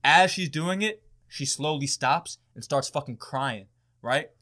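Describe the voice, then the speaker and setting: Animated young man telling a story. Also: fairly high pitch, measured pace. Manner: animated, profane, laughing storyteller. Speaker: podcast guest. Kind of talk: casual storytelling.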